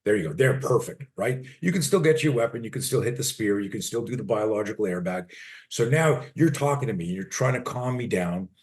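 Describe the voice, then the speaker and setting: A man's voice: fairly low pitch, lively intonation, a little fast, darkish tone. Blunt, emphatic man in his sixties. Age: 60s. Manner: blunt, emphatic, swears freely. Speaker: personal defense coach. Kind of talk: interview, animated teaching with role-play demos.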